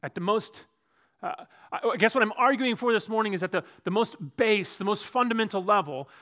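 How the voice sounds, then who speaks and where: A church pastor preaches in a high, bright, forward voice at a brisk pace. His sermon shifts between loud, emphatic stretches and quiet, dropped asides.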